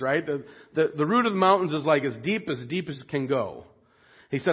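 A man preaches a sermon with a fairly high, husky voice. He speaks earnestly and expressively and sinks soft and low when the point turns grave. The recording sounds dull and lo-fi. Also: expressive, brisk.

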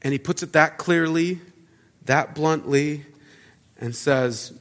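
A man preaching a sermon as a pastor, earnest, often repeating words and dropping to a quiet low voice for emphasis. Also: slow. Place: church sanctuary. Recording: church hall reverb.

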